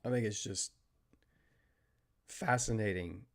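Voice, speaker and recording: An American man hosting a live trading stream, chatting casually and talking through market moves, with fillers and trailing pauses. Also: lowish voice, gravelly. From United States. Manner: steady technical market commentary. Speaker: trading livestream host.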